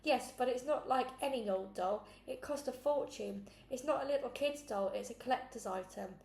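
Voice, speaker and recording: Una mujer haciendo de madre de acogida harta, en sala con eco. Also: female voice, fairly high pitch, normal speed, creaky, darkish tone. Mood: weary. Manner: blunt, losing patience. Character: exasperated adult foster mum, blunt. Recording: echoey room, faint noise.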